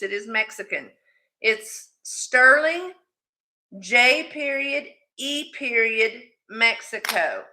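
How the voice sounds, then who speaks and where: A woman's voice: fairly high pitch, expressive, takes it slowly, pushed and bright, reverberant. A woman hosting a live jewelry sale stream, chatty and affectionate with her viewers, calling them sweetie. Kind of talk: live-stream selling chat.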